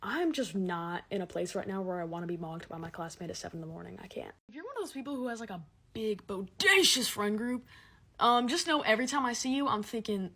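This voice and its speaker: A woman's voice: medium pitch, lively intonation, quick pace, pushed and bright, husky. A teenage girl ranting sarcastically and dramatically to camera in a comedic monologue. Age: teens. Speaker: comedic creator.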